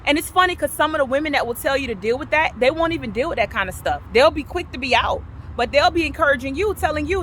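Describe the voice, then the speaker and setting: Woman in her thirties, heated personal testimony, bright high-ish voice, faint traffic behind. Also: expressive, fast talker, few pauses. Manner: impassioned, repeats herself, swings from loud to low. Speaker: vlogger sharing her testimony.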